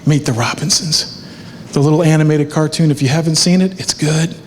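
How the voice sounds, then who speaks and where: A middle-aged man delivers a motivational talk on stage, telling stories with lively energy and jumping into playful voices for the people in them. His voice sits a little on the high side. It rings out with long reverb in a large hall, over a faint background hiss. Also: fairly quick. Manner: animated storytelling, acts out voices. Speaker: motivational speaker. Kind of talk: keynote speech with live art. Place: large hall with live audience.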